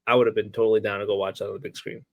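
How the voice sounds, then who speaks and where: A man's voice: on the low side, little pitch movement, rapid-fire, dry recording, lo-fi sound. Laid-back male podcast co-host. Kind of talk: casual TV review chat.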